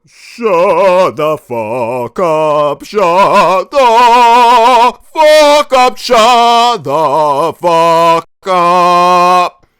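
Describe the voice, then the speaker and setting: A man's voice: high voice, very slow, fairly bright tone, clean tone, no echo, clean studio sound, voice pushed up, full character voice. A man putting on a mock opera singing voice, drawn out and pompous. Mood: mock solemn. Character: mock opera singer, male, pompous and crude.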